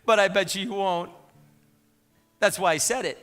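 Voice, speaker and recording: A man's voice: sits high, measured pace, pauses often, fairly bright tone, big-room sound, faint music behind. A man preaching a sermon as pastor, in an emphatic, conversational way with asides to the congregation. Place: church sanctuary.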